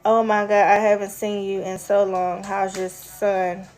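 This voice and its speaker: A woman's voice: mid-range voice, little pitch movement, unhurried, a little mellow, faint music behind. A woman chatting casually with her viewers, rambling from story to story and answering their comments. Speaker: vlogger. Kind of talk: casual live chat with viewers.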